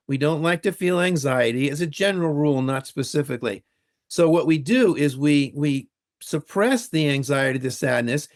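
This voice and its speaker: An older man, a retired university teacher, explaining ideas methodically as an interview guest and spelling out key terms. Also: fairly high pitch.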